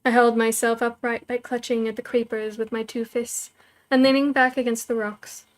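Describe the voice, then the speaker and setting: A woman storyteller reading a novel aloud, in measured, even first-person narration. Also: fairly high pitch.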